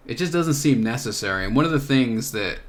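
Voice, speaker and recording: A young man hosting a solo podcast, thinking out loud in a searching, rambling way with many filler words. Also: mid-range voice, expressive, fairly quick. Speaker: podcast host. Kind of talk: reflective solo monologue.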